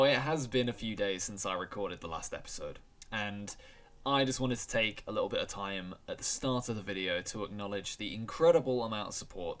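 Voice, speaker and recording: A man, hoarse today, chatting casually and apologetically as he opens a let's-play video. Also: on the low side, fairly bright tone. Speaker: gaming YouTuber.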